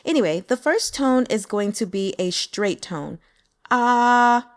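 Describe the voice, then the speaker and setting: An upbeat woman, a native English speaker, walks through pronunciation in a casual, friendly lesson. She demonstrates each sound with big, exaggerated examples, and her voice sits at an ordinary middle pitch. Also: big pitch swings, normal speed. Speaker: language teacher.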